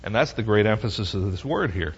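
Speaking fairly quickly in a lowish voice with a breathy edge and lively intonation, a middle-aged man teaches a Bible study. His manner is conversational, and he keeps asking rhetorical questions to see if listeners are following. Long hall reverb hangs over the muffled, lo-fi audio.

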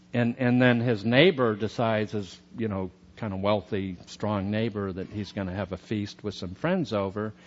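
A man's voice: on the low side, highs cut off, slight background noise. A man teaching a sermon on scripture in a chatty, conversational way, with many fillers. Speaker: preacher.

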